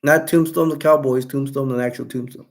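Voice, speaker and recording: A man hosting a relaxed chat stream, talking at an ordinary mid pitch. He rambles through a film plot with fillers, restarts and many pauses. He stops now and then to read viewer comments aloud. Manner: rambling, halting storyteller. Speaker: livestream host. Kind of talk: casual livestream chat.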